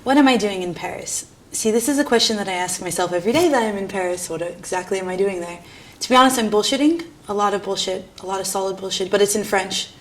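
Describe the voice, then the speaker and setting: A young art student from New York speaks in a candid documentary interview, irreverent and self-mocking, laughing often and swearing casually. Her voice is medium-pitched.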